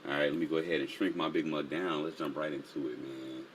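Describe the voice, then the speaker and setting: A man's voice: rumbling low, level tone, fast talker, slight background noise. A man hosting a casual live stream, full of energy, laughing often and reading the chat aloud. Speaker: livestream host.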